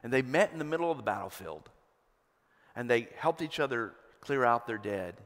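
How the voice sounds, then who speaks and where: A man preaching a sermon as pastor, rising to loud emphatic peaks and dropping to hushed lows. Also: animated, normal speed. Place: church sanctuary. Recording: long hall reverb.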